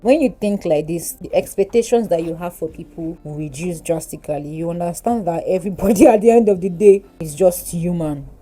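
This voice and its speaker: A woman in her twenties with a Nigerian English accent, chatting while doing her makeup, animated and giggly. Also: lowish voice, brisk, few pauses, soft background music, low-quality recording. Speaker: beauty vlogger. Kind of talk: casual get-ready-with-me chat.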